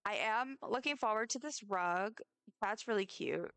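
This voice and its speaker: A woman's voice: mid-range voice, a little slow, fairly bright tone, clean tone, no room sound. A young woman streaming a game, chatting to her viewers in a rambling, friendly way as she plays. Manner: rambling, chatty, talks straight to her chat. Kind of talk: casual live-stream chat while playing.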